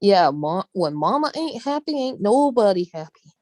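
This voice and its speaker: A woman's voice: medium pitch, very animated, normal speed, darkish tone, no echo. A woman from the Southern United States with a Southern accent, chatting casually on her vlog, laughing often and using folksy phrases. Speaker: vlogger. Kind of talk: casual chat.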